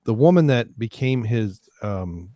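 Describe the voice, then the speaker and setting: A man's voice: mid-range voice, animated, a little slow, warm tone, dry recording, clean studio sound. A man hosting a casual podcast chat, rambling with lots of fillers and restarts. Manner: rambling, many fillers and restarts, laughs often. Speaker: podcast host.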